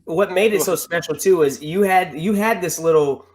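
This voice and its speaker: A man hosts a casual podcast and recalls his morning radio days. His voice sits a touch higher than most men's. He tells his stories with real energy and swears freely. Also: normal speed. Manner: animated storyteller, swears freely.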